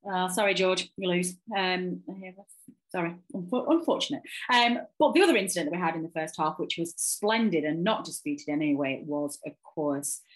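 A woman's voice: on the low side, normal speed, poor audio. A woman hosting a casual football podcast, chatting with hesitant ums and restarts. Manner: hesitant, lots of ums, laughs easily. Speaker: podcast host.

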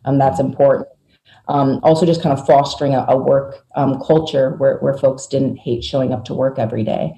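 A woman co-founder speaks with a mellow, warm tone, pausing often on ums and restarting her sentences. Her voice has a roomy echo around it. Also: a bass voice, fairly even intonation. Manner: hesitant, many ums and restarts. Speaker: company co-founder, guest. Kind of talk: casual interview answer.

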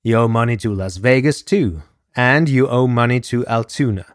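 Man doing a yelling, furious mob boss. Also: medium pitch, moderate pace, no echo, clean studio sound, lightly acted. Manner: yelling, profane, threatening. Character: angry loud male mob boss.

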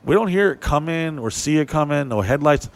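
A man casually telling a story, animated and profane, acting out what people said in a raised voice. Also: a little high, a little fast.

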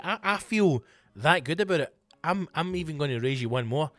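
A man's voice: on the high side, expressive, fairly quick, a bit bright, no room sound, faint music behind. A Scottish man hosting his own comedy podcast, answering listener questions in a casual monologue with sweary, mock-grand flourishes and teasing the listeners by name. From Scotland.

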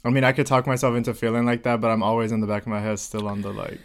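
A woman's voice: a bass voice, level tone, very fast. A woman co-hosting a podcast in casual chat. She cuts in with short, blunt, supportive remarks and swears often. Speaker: podcast co-host.

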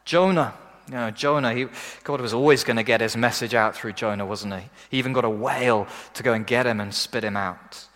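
Animated preacher in a reverberant hall. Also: male voice, fairly quick. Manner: animated, acts out quoted voices in a raised pitch. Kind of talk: sermon.

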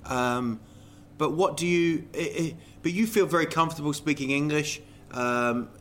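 A man's voice: fairly high pitch, moderate pace, a bit bright, slight background noise. A man hosting a casual interview, rambling and self-deprecating as he tells stories and asks questions. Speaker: podcast host.

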